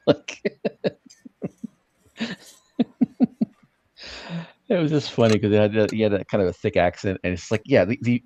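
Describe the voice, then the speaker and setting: Male co-host, very deep voice, relaxed storytelling, dry mic. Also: no room sound. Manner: laid-back storyteller, chuckles often. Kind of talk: casual chat.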